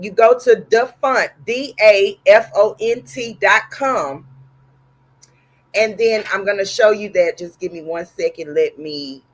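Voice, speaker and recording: Texan woman hosting a craft livestream, sore throat, chatty and friendly with viewers. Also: medium pitch. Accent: Texas. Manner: chatty, greets viewers warmly by name. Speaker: embroidery livestream host. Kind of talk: casual livestream chat with viewers.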